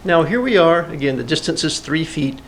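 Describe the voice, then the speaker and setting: Male instructor, fryish voice pitched a touch high, methodical classroom demo, faint fan hum. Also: animated, normal speed, fairly bright tone. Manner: plain, methodical, asks the viewer questions. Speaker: professor teaching video production. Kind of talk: instructional demonstration. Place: indoor classroom with air conditioning. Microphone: lavalier, shotgun and camera mics at varying distance. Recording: faint room noise, mic changing distance. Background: air conditioning hum and light cooling fan.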